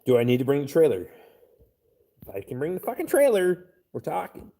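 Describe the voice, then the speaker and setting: A somewhat high-pitched man talks crudely on a live stream, swearing nearly every line. His voice is gravelly and swings widely up and down. He reads chat aloud and answers in a blunt, offhand way. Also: huge pitch swings, a little fast, warm tone.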